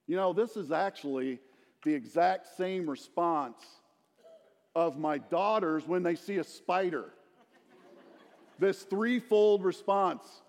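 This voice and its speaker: Middle-aged male preacher, high voice, lively storytelling sermon, hall reverb. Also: slow. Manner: animated storytelling, asks the congregation questions. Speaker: pastor.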